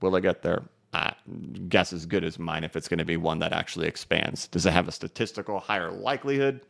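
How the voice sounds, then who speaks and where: A man's voice: low-pitched, fast, vocal fry, fairly bright tone. A male crypto livestream host chatting loosely with many fillers while reading out viewer comments.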